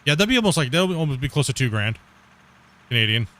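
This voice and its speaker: A man in the middle of a relaxed gaming session, talking off the cuff at an everyday middle pitch. He rambles, circles back on his own words and breaks into laughs as he goes. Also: quick pace. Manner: rambling, repeats himself, laughs easily. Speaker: gaming streamer. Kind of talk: casual chat while playing.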